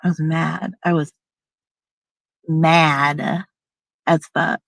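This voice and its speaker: A woman's voice: low voice, little pitch movement, extremely slow, creaky, dry recording. A middle-aged woman telling a personal story in a candid, emphatic, casual way, now and then swearing and acting out what people said.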